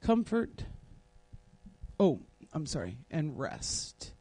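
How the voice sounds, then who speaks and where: A woman teaching a Bible class in a classroom, deliberately spelling out word meanings one at a time while she writes on a board. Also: low-pitched, wildly swooping pitch, dark tone, slightly rough.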